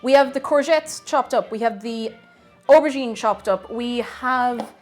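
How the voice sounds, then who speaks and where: A woman's voice: on the high side, unhurried, darkish tone, soft background music. A young Irish woman chatting casually on a cooking live stream in her home kitchen, reading out viewer comments with playful asides.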